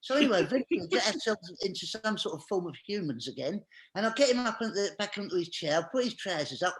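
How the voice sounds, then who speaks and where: A man's voice: high voice, lively intonation, fairly quick, fairly bright tone. A man, a guest on a chat show, telling a comic anecdote and acting out each scene with animation.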